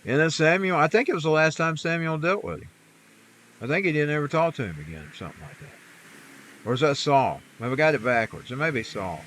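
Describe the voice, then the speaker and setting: His voice is a little high, bright, and lively, moving briskly over slight background noise. As a streamer chatting during play, he goes on folksy, preachy tangents about faith and scripture.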